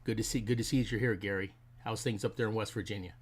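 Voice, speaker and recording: A middle-aged man with a somewhat low voice hosts a casual live stream from his desk mic. He rambles in a friendly, easygoing way and greets each viewer by name as they arrive. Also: fairly even intonation, quick pace, husky.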